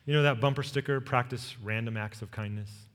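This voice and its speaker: A man preaching a sermon as pastor, telling a personal story with earnest warmth and leading the congregation in repeated phrases. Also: medium pitch, a little fast. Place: church sanctuary. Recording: long reverb of a large hall.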